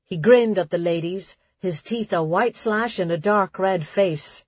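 A woman narrating an audiobook in a steady storytelling reading. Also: mid-range voice, unhurried, breathy edge, no echo. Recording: dry, slightly dull lo-fi sound.

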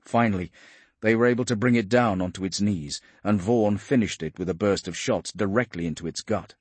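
A man narrates an audiobook in a steady, dramatic way. His voice sits a bit low and carries a husky, breathy grain. The recording is dry and close, with no room sound around it. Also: brisk, no room sound.

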